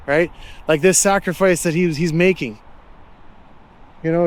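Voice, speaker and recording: A man with a high-pitched voice talks casually to his handheld camera as he walks through a city street and park. He is friendly and reflective, thinking aloud with plenty of fillers and stopping strangers to ask them questions. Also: moderate pace, long pauses. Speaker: street interviewer and vlogger.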